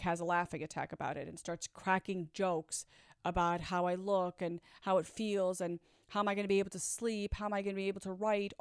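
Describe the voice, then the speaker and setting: A woman's voice: lowish voice, clean tone, no room sound, studio quality. A woman candidly telling her own story in a conversational, blunt way, sometimes swearing. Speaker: vlogger. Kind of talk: personal storytelling.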